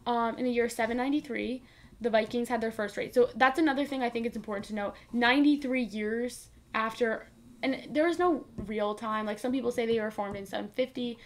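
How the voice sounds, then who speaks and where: A woman's voice: fairly high pitch, fairly quick, slight background noise. A woman co-hosting a podcast, explaining a history segment at length in a loose, informal way. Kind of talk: casual chat.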